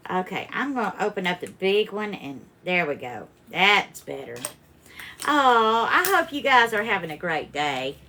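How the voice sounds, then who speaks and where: A woman's voice: medium pitch, sing-song, measured pace, bright, forceful tone, a little hiss or hum. A woman hosts a live cooking stream from her home kitchen, chatting and greeting viewers by name. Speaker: cooking livestream host. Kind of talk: casual live cooking chat.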